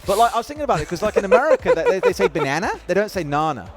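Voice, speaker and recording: A man's voice: high voice, faint music behind. A British man co-casting an esports match, joking and chatting with his partner between rounds. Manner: lively, jokey and quick-talking. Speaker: esports caster. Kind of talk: casual co-caster banter.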